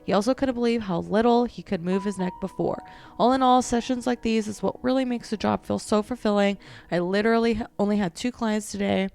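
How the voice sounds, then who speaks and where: A woman hosting a podcast, reading aloud posts and adding chatty, animated asides of her own. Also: mid-range voice, fairly quick, creaky. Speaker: podcast host and massage therapist.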